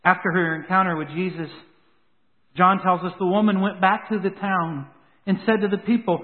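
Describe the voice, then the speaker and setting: A man's voice: high-pitched, steady tone, moderate pace. A man preaching a sermon with dramatic rises and drops for emphasis. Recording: tinny phone-like sound with long hall reverb.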